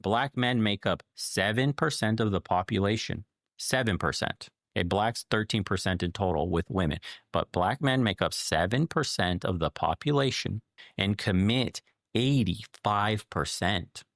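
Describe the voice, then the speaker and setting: A man's voice: lowish voice, expressive, measured pace, a bit bright, no echo, studio quality. A man giving opinion commentary in a lecturing, emphatic, sarcastic manner. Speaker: commentator in a played clip.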